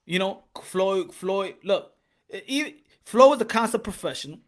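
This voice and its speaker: A man's voice: high voice, animated, moderate pace. A man hosting a live boxing commentary chat. He argues his points emphatically and often restarts his sentences. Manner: emphatic, stammering restarts, teasing. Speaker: boxing podcast host.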